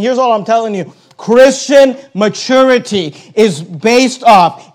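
A middle-aged man preaching a sermon as pastor, stressing phrases and repeating them, dropping soft then rising loud. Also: sits high. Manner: emphatic, repeats key phrases, swings between loud and soft.

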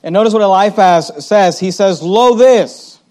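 High-voiced preacher man, casual delivery. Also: a little mellow. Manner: conversational, with many fillers and restarts; reads scripture slowly and paraphrases it in everyday speech. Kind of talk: expository Bible sermon.

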